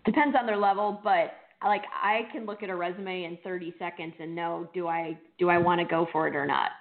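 A woman's voice: fairly low pitch, fairly even intonation, fairly quick. Blunt woman speaking over a phone line. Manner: blunt, firm in disagreement. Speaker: recruiter and co-host. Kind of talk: casual chat.

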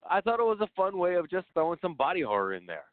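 A man's voice: high-pitched, big pitch swings, fast talker, no room sound. Joking man with a dry, tinny sound. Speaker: podcast co-host. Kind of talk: casual film discussion. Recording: dry, phone-like narrow audio.

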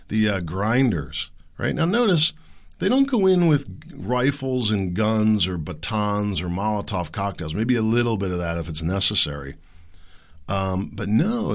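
A man delivers solo commentary on his podcast, his fairly low voice rising and falling in wide, lively swings. He peppers his talk with rhetorical questions and sarcastic asides. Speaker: podcast host.

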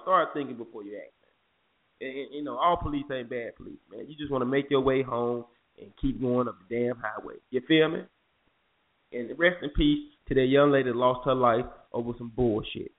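Fired-up profane male show host. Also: medium pitch. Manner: animated, profane, preachy. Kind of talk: casual chat. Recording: muffled phone-like audio.

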